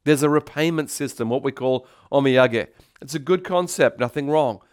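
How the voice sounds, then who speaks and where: A man preaching a sermon as pastor, animated, moving between loud calls for praise and quiet storytelling. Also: mid-range voice, normal speed, clear, resonant tone. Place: church in Tokyo.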